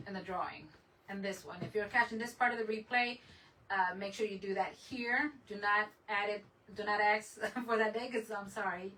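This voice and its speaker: Bright-voiced lady chatting on a craft livestream, bit far from the mic, faint room hum. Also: medium pitch. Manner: chatty, greets viewers in Spanish; laughs often, trails off mid-sentence. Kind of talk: casual livestream chat.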